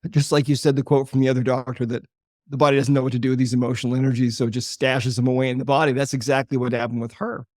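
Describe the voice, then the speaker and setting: An older man, a holistic chiropractor, explaining his work and telling a patient story in a podcast interview with a measured, earnest delivery. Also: mid-range voice, level tone, no echo, clean studio sound. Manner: earnest, measured explainer who slows for emphasis.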